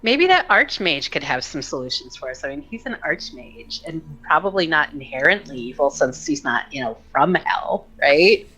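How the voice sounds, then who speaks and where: A woman's voice: sits low, big pitch swings, moderate pace, hardly any pauses, sharp tone, slightly rough, rough recording. A woman playing in a tabletop game, chatting casually with lots of fillers and giggles. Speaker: player. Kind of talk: casual chat.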